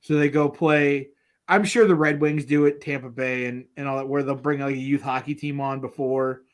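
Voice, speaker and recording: A man in his thirties co-hosting a casual podcast, telling family stories in an animated way and laughing through them. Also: medium pitch, moderate pace. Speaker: podcast co-host. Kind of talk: casual chat.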